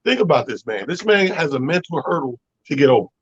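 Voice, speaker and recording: Man, mid-pitched co-host, folksy and relaxed, dull dry recording. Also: fast talker, breathy edge, no echo. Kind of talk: casual sports talk.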